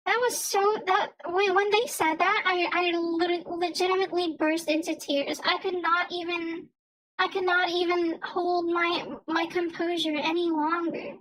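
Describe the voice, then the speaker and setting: Young female streamer, very high squeaky voice, slow easy delivery, chatty and rambling. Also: flat delivery, a bit bright, poor audio. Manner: rambling, stammers and restarts often. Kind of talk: casual livestream chat.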